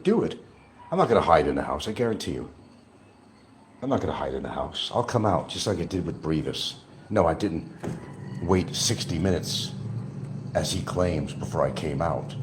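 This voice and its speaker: An older man on a livestream, delivering a combative rant that swings between shouting and muttering. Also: low voice, a little hiss or hum. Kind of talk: ranting livestream monologue. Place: island town, outdoors or at home.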